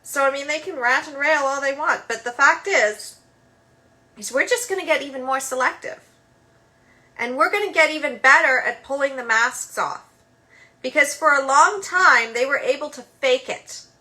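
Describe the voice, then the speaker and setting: Bright-voiced chatty woman talking. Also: sits high, normal speed. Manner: chatty, lots of "like" fillers, emphatic. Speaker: host. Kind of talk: casual monologue.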